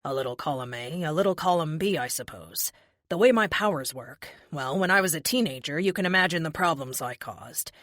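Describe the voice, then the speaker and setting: A woman's voice: sits low, expressive, brisk, fairly bright tone, no room sound, studio quality. Woman voicing a weary male hero leader. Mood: uneasy. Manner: candid, uneasy confession. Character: weary adult male superhero team leader.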